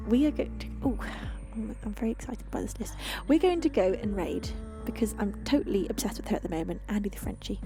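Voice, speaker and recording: A young woman with an English accent, chatting effusively to her live stream viewers as she signs off. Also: medium pitch. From United Kingdom. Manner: bubbly and effusive, with soft laughs and sighs. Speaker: streamer and singer-songwriter.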